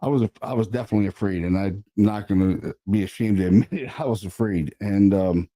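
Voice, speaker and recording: A man, a paranormal investigator, casually telling a story about an investigation, animated and sprinkled with swearing and fillers. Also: lowish voice, brisk.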